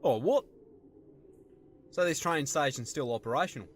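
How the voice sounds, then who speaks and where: A man with an Australian accent voicing a blunt, laconic wanderer in an animated show who swears heavily. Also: fairly high pitch, moderate pace, a little hiss or hum, natural voice. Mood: gruff. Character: gruff terse Aussie wanderer.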